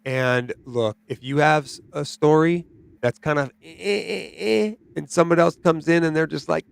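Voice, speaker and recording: A man hosting a podcast, chatting casually and telling stories in an animated way, often tagging his sentences with "right?" and "dude". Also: fairly high pitch, moderate pace, creaky, clean tone, dry recording. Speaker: podcast host. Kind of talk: casual chat.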